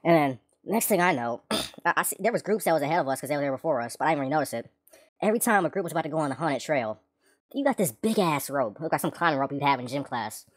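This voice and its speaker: Fast, low-voiced, profane woman storyteller. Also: lively intonation. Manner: rambling, profane, joking asides. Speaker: vlogger telling a story. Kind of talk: casual storytime monologue.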